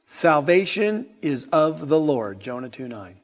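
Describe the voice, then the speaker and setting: Guy preaching a sermon, slow and emphatic, lots of rhetorical questions, fairly high voice, big hall echo. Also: sing-song. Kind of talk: evening sermon. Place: church sanctuary. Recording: hall reverb in sanctuary.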